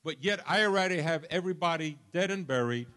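A man's voice: a little high, quick pace. An older man preaching a sermon, telling stories with humor and sudden jumps in volume. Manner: animated, storytelling with humor and sudden shifts of volume.

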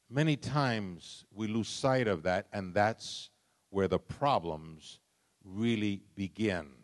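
A middle-aged man preaching a sermon, swinging from soft, low lines to loud, impassioned ones. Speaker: pastor.

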